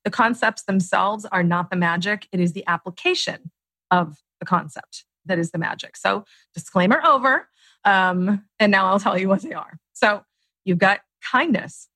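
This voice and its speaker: Animated woman coach in a dry booth. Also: fairly low pitch, slightly rough, no room sound. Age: late 30s. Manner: animated, acts out inner voices. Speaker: guest author and coach. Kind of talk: podcast interview, explaining.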